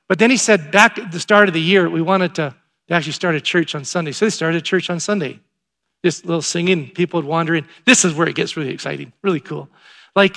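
A pastor with a slightly high-pitched voice delivers his sermon like a relaxed conversation. When the story turns good, his emphasis climbs and grows excited.

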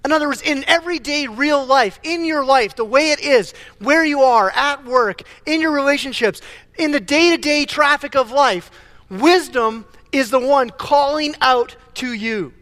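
A man preaching a sermon as pastor, animated, often stumbling and repeating words as he builds a point. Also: very high-pitched, normal speed, long reverb tail.

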